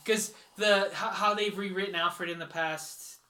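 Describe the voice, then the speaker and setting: High, bright-voiced podcast host, rambling. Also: male voice, a little slow. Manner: relaxed, rambling, joking. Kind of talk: casual chat.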